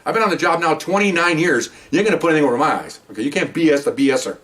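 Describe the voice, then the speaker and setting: A man's voice: on the high side, very fast, recorded from a distance. Heated older man telling a cop story. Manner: heated, animated, acts out quoted lines. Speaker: retired narcotics detective. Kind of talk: personal storytelling.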